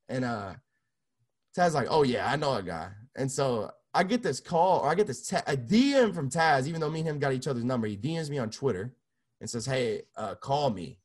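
A man's voice: mid-range voice, animated, normal speed. Profane young man telling his story. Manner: loose and profane, many restarts. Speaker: music producer guest. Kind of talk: casual storytelling interview.

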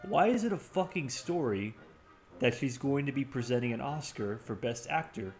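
A man's voice: mid-range voice, expressive, moderate pace, soft background music. A man from South Florida co-hosting a podcast, ranting with heavy profanity in crude comedic banter. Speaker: podcast co-host.

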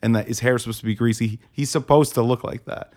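A man co-hosting a casual film podcast, talking bluntly, swearing often and quick to agree. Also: mid-range voice, steady tone, darkish tone. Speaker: podcast co-host.

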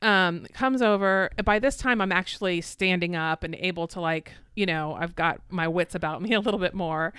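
A woman's voice: normal speed, few pauses, smooth, no room sound, clean studio sound. A woman co-hosting a podcast, telling a story casually with laughs and acted-out quotes. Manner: animated, laughing, acts out quotes in a high voice. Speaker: podcast co-host.

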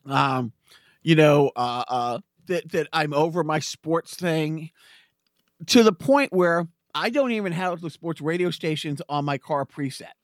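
A man's voice: fairly high pitch, a little slow, no echo, studio quality. A man in his forties co-hosting a podcast in casual chat, rambling with frequent laughs and restarts. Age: 40s. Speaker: podcast co-host.

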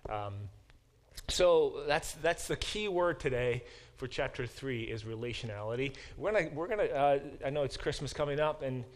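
With a medium-pitched, lively voice at a normal pace, a man lectures to his Bible class as their professor. He reads scripture verses aloud and explains them, his talk peppered with fillers and restarts.

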